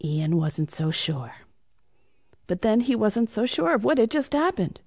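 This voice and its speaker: A woman reading a children's Christmas bedtime story, animated with hushed, whispery asides. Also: mid-range voice, no echo, studio quality.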